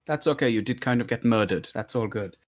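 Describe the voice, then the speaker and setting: A man's voice: medium pitch, brisk. A man playing a tabletop game, chatting casually and joking with the game master in a laid-back way. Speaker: player.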